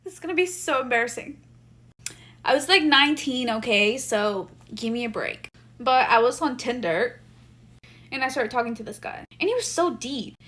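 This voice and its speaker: A woman's voice: fairly high pitch, lively intonation, moderate pace, a bit bright. A young woman telling an embarrassing dating app story, sheepish and chatty. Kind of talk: casual storytelling to camera.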